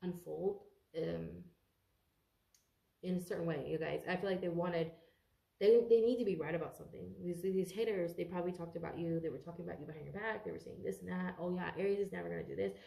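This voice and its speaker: A congested woman talks through a tarot reading in a loose, rambling way, cursing casually and tripping over words. Her voice is low, dark and gravelly with plenty of fry. The room around her is echoey. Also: fairly quick. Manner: rambling, swears freely, stumbles over words. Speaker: tarot reader.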